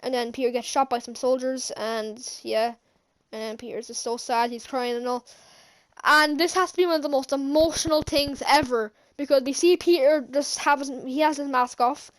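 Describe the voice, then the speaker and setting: A woman giving an excited, rambling movie recap as a vlogger, gushing, with lots of fillers and restarts. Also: sits high, normal speed.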